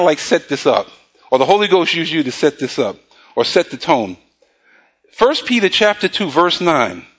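A male preacher delivering a morning sermon, his voice pitched high and swinging widely as he talks. He keeps throwing questions back to the congregation for them to answer. He stretches out the scripture he reads aloud. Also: fairly bright tone. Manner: call-and-response questions to the congregation; drawn-out scripture reading.

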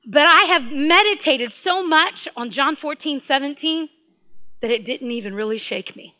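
A middle-aged woman, preaching a sermon and telling a personal story in an animated way, laughing often and swinging from hushed to loud. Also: sits high, moderate pace. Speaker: guest preacher.

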